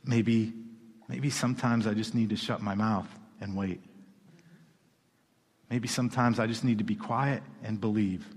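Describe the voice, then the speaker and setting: A man's voice: lowish voice, fairly even intonation, a little slow, pauses often, slightly rough. Emphatic preaching man in a reverberant hall. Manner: emphatic and conversational, swinging from loud to hushed. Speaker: pastor. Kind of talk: sermon.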